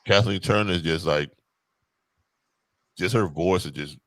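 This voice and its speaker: Very deep-voiced man, halting. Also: fairly bright tone, no echo. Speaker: podcast co-host. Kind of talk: casual chat.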